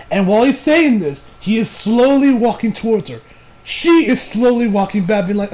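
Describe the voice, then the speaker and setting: Young male anime reviewer, high voice, rambling and laughing, faint background hiss. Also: normal speed, a little mellow, low-quality recording. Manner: rambling, laughs often, swears. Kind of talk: casual episode review.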